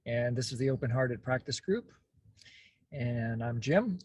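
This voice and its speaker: Husky man guiding a mindfulness class. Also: medium pitch, no room sound. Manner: slow, calm, clears throat often. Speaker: meditation class host. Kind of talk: gentle guided mindfulness. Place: parked car. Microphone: phone on video call.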